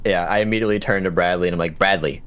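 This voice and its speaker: A man's voice: low-pitched, steady tone, very fast, clean tone. A man playing a tabletop game, speaking in character in an earnest, reassuring way. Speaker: player. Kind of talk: tabletop role-play in character.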